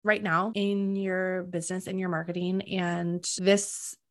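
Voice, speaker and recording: A woman's voice: lowish voice, flat delivery, a little slow. A woman co-hosting a podcast, giving encouraging, motivational business advice. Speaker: podcast co-host, business coach. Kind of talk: casual podcast chat.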